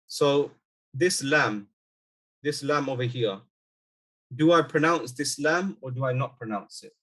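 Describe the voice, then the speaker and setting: A man teaching an online Arabic lesson, explaining step by step and slowly repeating example words. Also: medium pitch, a bit bright.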